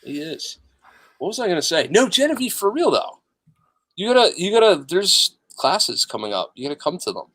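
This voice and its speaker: Lively, profane joking male podcast co-host. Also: high-pitched, normal speed, dry recording. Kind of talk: casual chat.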